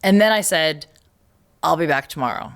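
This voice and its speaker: A woman hosting a podcast, telling a personal story in casual conversation, animated and often laughing as she acts out what others said. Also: low-pitched, normal speed, clean tone. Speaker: podcast host.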